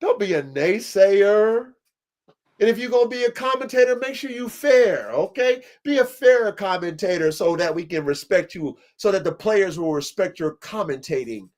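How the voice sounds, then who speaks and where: A man's voice: high voice, lively intonation, moderate pace, a little mellow. A man hosting a livestream podcast, talking with preachy, emphatic conviction and lots of swearing. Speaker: podcast host and dog breeder. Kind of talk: impassioned livestream podcast talk.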